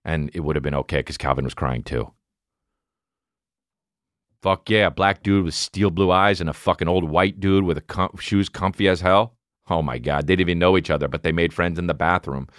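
A man in his thirties, a comedian telling a rambling, profane story in casual chat, mumbling low one moment and shouting the next. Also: normal speed, no echo, studio quality. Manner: profane, animated, swings between mumbling and shouting.

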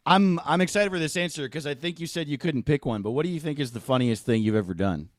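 A man's voice: fairly high pitch, quick pace, dry recording, clean studio sound. A man hosting a casual podcast interview, laughing and easygoing as he asks questions. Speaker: podcast host.

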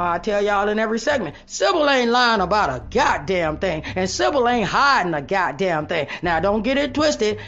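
A woman hosting her own show, talking straight to viewers in a blunt, profane, preachy monologue that rises into loud rants. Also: fairly low pitch, dull audio. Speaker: online show host.

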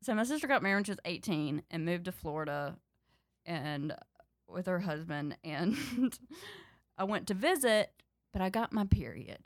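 A woman comedian from North Carolina, telling a story in casual chat, animated, laughing often and acting out quotes. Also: on the low side, moderate pace, no echo, studio quality. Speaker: comedian guest.

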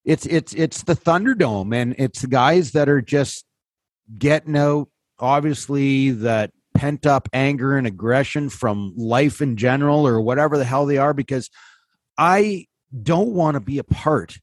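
A man's voice: medium pitch, a little slow, dry recording. A man co-hosting a podcast in casual chat, blunt and teasing, swearing freely. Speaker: podcast co-host.

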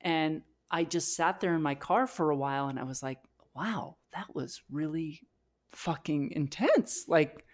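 A woman's voice: low-pitched, measured pace. A woman co-hosting a podcast, telling a candid, emotional personal story with frequent restarts and filler words. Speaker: podcast co-host.

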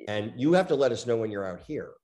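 A man's voice: mid-range voice, lively intonation, fast, a little mellow. Joking man co-hosting a podcast. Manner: joking, hesitant with fillers. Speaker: podcast co-host. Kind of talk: casual podcast chat.

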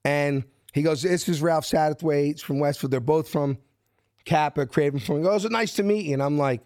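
A man tells a story from his youth in an animated, street-smart way. He slips into different voices for each person he quotes. His voice sits a little high, and the sound is close and dry. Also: moderate pace, no echo. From South Philadelphia. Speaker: guest. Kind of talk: casual storytelling.

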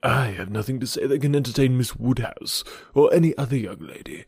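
A man voicing a self-satisfied married gentleman who speaks with a sneer. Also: medium pitch, expressive, brisk, creaky, slightly rough, no echo, clean studio sound.

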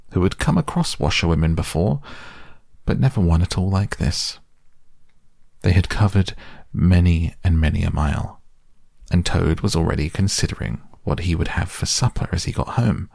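Deep gravelly male bedtime reader. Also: dry recording, studio quality. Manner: gentle, unhurried. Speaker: audiobook reader. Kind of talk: soft bedtime audiobook reading.

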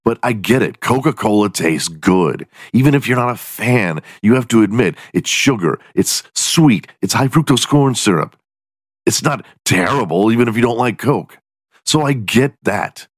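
A man with a fairly low voice delivers a casual, profanity-heavy podcast rant. He jumps up high in pitch for sarcastic punchlines. The sound is dry and close, with no room echo. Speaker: podcast host.

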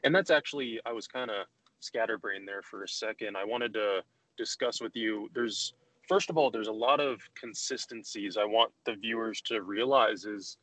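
A man's voice: lowish voice, moderate pace, fairly bright tone, no room sound, poor audio. A young man hosting a podcast, talking loosely with lots of restarts and fillers. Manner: rambling, many restarts and fillers. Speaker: podcast host. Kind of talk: casual conversation.

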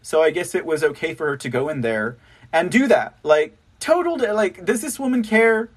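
Male show host, high voice, scornful and mocking commentary. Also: animated, moderate pace, husky. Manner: scornful, mocking, repeats words. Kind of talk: opinionated commentary.

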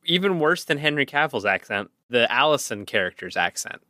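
A man's voice: mid-range voice, sing-song, brisk, sharp tone, dry recording, studio quality. A man co-hosting a casual movie review podcast, making wry, sarcastic asides. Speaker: podcast co-host.

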